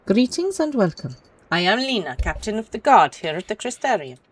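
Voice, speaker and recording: A woman's voice: mid-range voice, sing-song, moderate pace, husky, pitched above the performer's own voice, low-quality recording. Woman reading as a formal guard captain. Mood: earnest. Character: stern female guard captain, formal and earnest.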